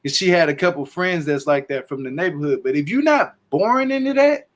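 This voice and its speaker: A man hosting a casual podcast chat, talking in an animated, emphatic way and stressing his honesty. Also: fairly high pitch, brisk. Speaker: podcast host. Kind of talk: casual chat recapping a reality show.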